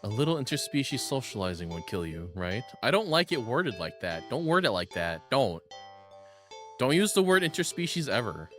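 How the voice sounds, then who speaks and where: A man's voice: mid-range voice, sing-song, normal speed, a bit bright, faint music behind. A man playing a text game, reading its narration aloud and breaking off into giggly, self-deprecating asides. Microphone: studio shotgun mic on a boom arm.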